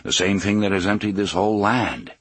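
A man voicing a weathered gunslinger leader, speaking in a measured, solemn, old-fashioned way. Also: fairly low pitch, fairly bright tone, husky, no echo. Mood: grave.

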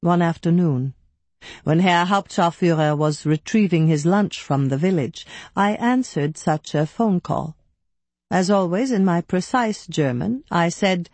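A woman giving first-person audiobook narration in a measured, even storytelling manner. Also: lowish voice, dry recording.

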